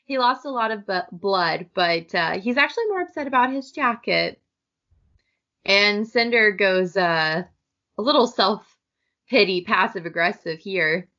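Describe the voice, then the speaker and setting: A woman's voice: mid-range voice, lively intonation, a little slow, pushed and bright. Woman chatting about a book, lo-fi sound. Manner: chatty, reads passages aloud. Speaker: podcast co-host. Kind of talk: casual book discussion. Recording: dull lo-fi audio.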